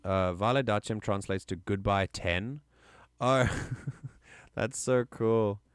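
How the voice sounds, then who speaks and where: A man's voice: on the low side, slow, clean tone, dry recording, clean studio sound. A man streaming live, chatting casually and enthusiastically, often rambling and correcting himself mid-sentence.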